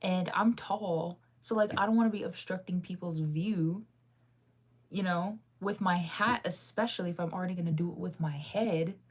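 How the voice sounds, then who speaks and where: A young woman vlogging at home in a low-ish voice, chatting casually to her viewers. She rambles and second-guesses herself, talking in loose, looping thoughts with frequent laughs. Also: normal speed, slightly rough. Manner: rambling, indecisive, laughing often.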